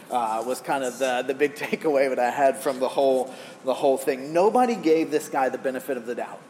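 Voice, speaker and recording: A middle-aged man preaching a conversational sermon, telling stories and asking the congregation rhetorical questions from a stage mic. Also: fairly high pitch. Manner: animated, storytelling, rhetorical questions to the crowd. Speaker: pastor. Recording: long hall reverb, faint background noise.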